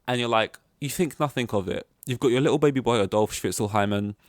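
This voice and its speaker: A man's voice: on the low side, fairly quick, no room sound, clean studio sound. A young man hosting a solo podcast, rambling through tangents with many restarts. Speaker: podcast host.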